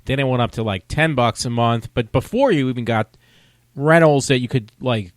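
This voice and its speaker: A man's voice: mid-range voice, normal speed, dry recording, clean studio sound. A man vlogging a casual movie review, talking in a rambling, loose, conversational way.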